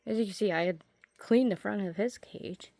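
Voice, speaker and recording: A woman chatting casually in a home basement as she shows her pet tarantulas. She rambles, trails off mid-sentence and coos softly at her animals. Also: mid-range voice, moderate pace, vocal fry, no echo. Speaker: pet keeper showing her tarantulas and fish. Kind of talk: casual vlog chat.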